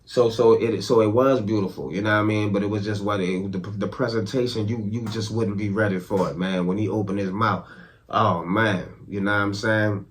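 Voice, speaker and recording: A man's voice: lowish voice, fairly even intonation, normal speed. A man hosting a podcast, talking loosely in casual commentary. He rambles and keeps checking in with the listener. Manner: loose and slangy, with constant check-ins to the listener; rambling, with restarts. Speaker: podcast host.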